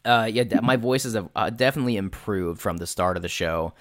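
A man's voice: fairly low pitch, fairly quick, no echo, studio quality. A young adult man who hosts a tabletop game podcast and runs the games, talking casually with many fillers and some swearing. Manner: rambling, swearing, filler-heavy. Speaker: game master and podcast host. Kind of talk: casual chat.

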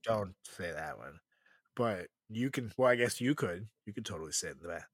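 A man's voice: fairly low pitch, animated, fairly quick, breathy edge, dry recording, clean studio sound. A man co-hosting a comedy podcast in casual chat, from Latin America, laughing often through joking asides. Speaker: podcast co-host.

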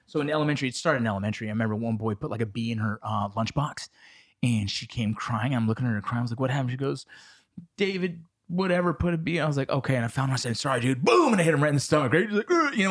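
A man's voice: medium pitch, fairly bright tone. A man hosting a podcast in casual chat, swearing freely and acting out the voices in his stories. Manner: fast, profane, acts out the voices in his stories. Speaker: podcast host.

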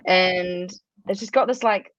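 A woman's voice: on the low side, unhurried, fairly bright tone, dry recording, dull audio. A woman with a New Zealand accent, a musician guest chatting casually and rambling with lots of fillers. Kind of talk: casual interview chat.

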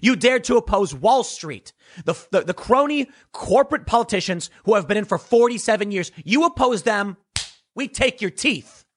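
A man's voice: high-pitched, normal speed. A man delivering a sarcastic political opinion monologue, talking straight to his audience. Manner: animated, sarcastic, mocking voices of others. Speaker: political commentator.

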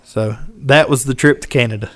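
A man telling a hunting-trip story in casual podcast chat, animated and drawling, acting out quotes and laughing along. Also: mid-range voice, a little fast, dry recording. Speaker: podcast co-host.

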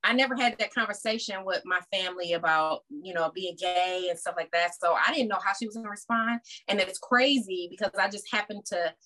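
A woman guest telling her story in casual conversation, acting out what her family said. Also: mid-range voice. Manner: animated, acts out family members' voices. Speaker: podcast guest.

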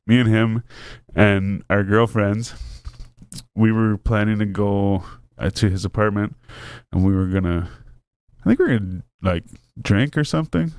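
Dude telling a wild story, keeps cracking up, swears a lot, dry close sound. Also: male voice, lowish voice, measured pace, smooth, dry recording. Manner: animated storyteller, laughs a lot, swears freely. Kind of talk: casual chat.

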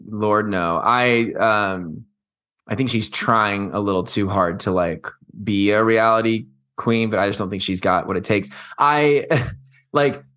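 A man co-hosting a podcast, gossiping about reality television in a campy, animated way. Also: fairly low pitch, takes it slowly. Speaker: podcast co-host. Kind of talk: casual chat.

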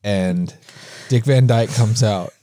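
A man's voice: on the low side, mellow, dry recording, studio quality. A man co-hosting a podcast in casual chat, jokey and fond of silly voices. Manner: jokey, drawn-out delivery, plays with silly voices. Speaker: podcast co-host.

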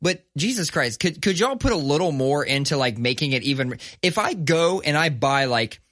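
A lively, swearing man spins a story for a podcast, his pitch swinging up and down. His voice is bright and forward, recorded close and dry with no room sound around it. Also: normal speed, no echo. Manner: animated, profane, acts out voices in his stories. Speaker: podcast co-host. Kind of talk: casual storytelling chat.

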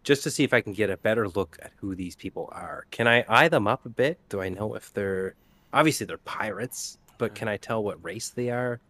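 Low-voiced man playing a tabletop game. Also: a little fast, fairly bright tone. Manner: chatty, laughing, describing his character's actions. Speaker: player. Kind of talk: casual tabletop play.

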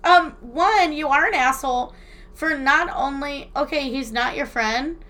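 A woman's voice: sits high, a little slow. A woman in her thirties co-hosting a casual chat, telling stories with lots of laughter and swearing. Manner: laughs often, swears freely, animated storyteller. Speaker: podcast co-host. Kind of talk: casual chat, reading listener letters.

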